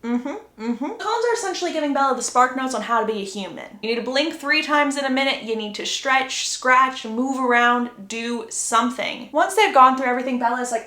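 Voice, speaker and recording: A young woman with a fairly high voice talks through a story recap in a chatty, wry way. Her voice rings in a roomy, echoey space. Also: animated, moderate pace, hardly any pauses, bright, forceful tone. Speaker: book recap creator. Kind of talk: casual plot recap. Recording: roomy echo.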